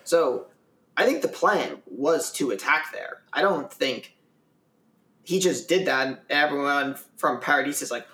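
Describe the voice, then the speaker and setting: A co-host in a casual podcast chat, relaxed and a little hesitant, with plenty of fillers. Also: medium pitch, unhurried, roomy sound. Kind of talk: casual chat about an anime episode.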